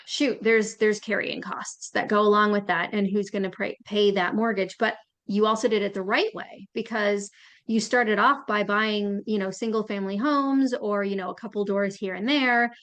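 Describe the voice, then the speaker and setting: A woman's voice: medium pitch, fairly even intonation, moderate pace, fairly bright tone. A woman hosting a podcast, asking questions and reflecting aloud in a conversational interview. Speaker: podcast host.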